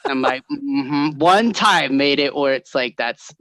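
A man telling family stories in casual chat, animated and quick to laugh, acting out the voices of the people in them. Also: mid-range voice, dry recording. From California. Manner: animated storyteller, laughs often, acts out voices.

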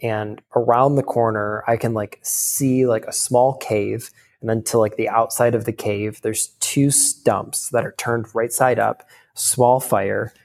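A man in his thirties, an interview guest, telling a heartfelt personal story in a rapid, casual way full of fillers. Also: on the low side, fairly even intonation, a little mellow. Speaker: podcast guest.

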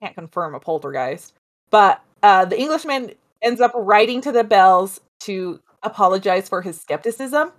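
A woman's voice: medium pitch, normal speed. A woman co-hosting a podcast, casually retelling a ghost legend with chatty asides. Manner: chatty, animated, with asides and laughs. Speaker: podcast co-host telling a story. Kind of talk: casual storytelling chat.

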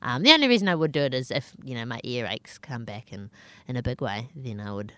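Squeaky nasal woman, lively and laughing. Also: fast talker, dry recording. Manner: self-deprecating, laughs often. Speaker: comedian guest. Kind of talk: casual interview chat.

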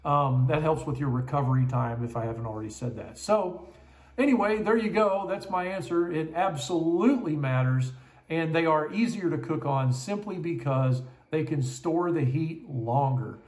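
A man's voice: a little high, normal speed, a little mellow. A man answering a listener's barbecue question with confident explanations. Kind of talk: casual explanation. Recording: echoey room.

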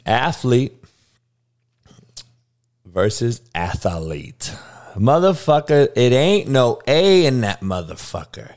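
A man rants on his podcast in a raised, profane, mocking voice. His pitch swings widely and sits a little high for a man, climbing into loud squeals when he acts out someone else's speech. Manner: loud, animated, mocking pronunciations, swears constantly. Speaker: podcast host. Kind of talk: profane comedic podcast rant.

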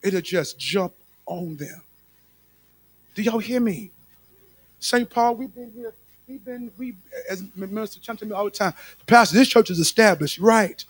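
A man's voice: sits high, a little slow, breathy edge, no echo. A male pastor preaching a sermon with emphatic repetition, speaking straight to his congregation.

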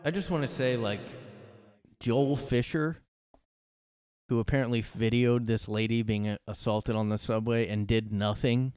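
A man's voice: lowish voice, measured pace, darkish tone, clear, resonant tone, no echo, studio quality. A man hosting a solo podcast from his room, ranting sarcastically and swearing a lot. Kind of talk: casual ranting monologue.

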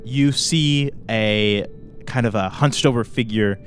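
A man's voice: medium pitch, slow pace, soft background music. Hesitant man running a tabletop game. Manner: hesitant, full of fillers and hedges. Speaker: game master.

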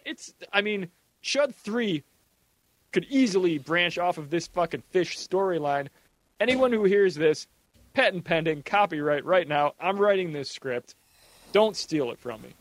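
A man's voice: sits high, lively intonation, measured pace, no echo. A man co-hosting a casual movie commentary podcast, rambling and joking, swearing freely. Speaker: podcast co-host.

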